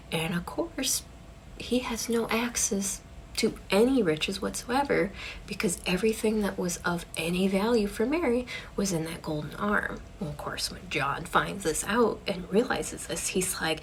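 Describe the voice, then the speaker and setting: Chatty woman storyteller, spooky tale, slips into hushed whispers; faint hiss behind. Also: medium pitch, measured pace, low-quality recording. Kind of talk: casual ghost story telling.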